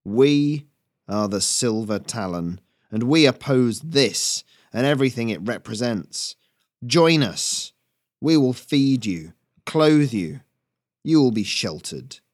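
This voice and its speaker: A man's voice: medium pitch, animated, no room sound, studio quality. A man voicing Garriott, a menacing squirrel leader. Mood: persuasive. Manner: slow, menacing, commanding. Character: ruthless male squirrel rebel leader.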